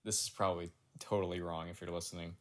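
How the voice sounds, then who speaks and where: A man co-hosts a casual podcast, slipping in quick, dry jokes. His voice sits on the low side for a man. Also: little pitch movement, a little hiss or hum. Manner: quick wisecracks, dry joking. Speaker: podcast co-host.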